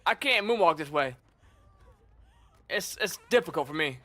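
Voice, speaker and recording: A young man streaming a game, talking casually and excitably, swearing and calling people bro and dude. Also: on the high side, moderate pace, pauses often. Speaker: gaming streamer. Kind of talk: casual gameplay commentary.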